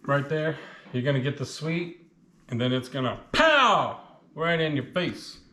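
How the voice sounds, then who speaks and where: A man's voice: on the high side, expressive, measured pace, sharp tone, reverberant, slight background noise. A man casually reviewing spicy chips on his vlog, chatting with his mouth full while the heat burns. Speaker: food reviewer.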